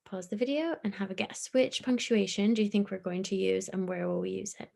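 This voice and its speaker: Gravelly-voiced woman teaching young kids. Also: medium pitch, steady tone, fairly quick. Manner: gentle, encouraging, explains step by step. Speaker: primary school teacher. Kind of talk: recorded online lesson for young children.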